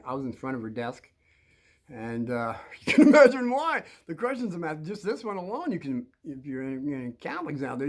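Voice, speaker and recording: An older man tells a long personal story in a halting, rambling way, full of restarts and little chuckles. His pitch swings lively up and down while he talks at a middling level.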